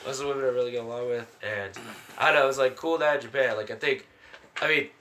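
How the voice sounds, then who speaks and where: A man telling stories as a podcast guest with a bright, forceful voice. He speaks animatedly, swearing freely, with the mic held tight to his mouth. There is a faint hiss of noise under the voice. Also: medium pitch, quick pace. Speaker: stand-up comedian guest. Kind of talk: casual podcast storytelling. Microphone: handheld mic held very close.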